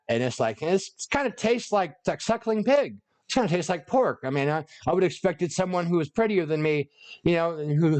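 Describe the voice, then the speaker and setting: A man giving an unscripted, rambling, sarcastic and profane rant about a movie. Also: a little high. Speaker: video creator.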